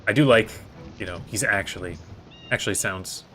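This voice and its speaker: A man's voice: lowish voice, normal speed, fairly bright tone, a little hiss or hum. A man giving casual gameplay commentary as host, thinking aloud in a hesitant way with many fillers. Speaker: gaming video host.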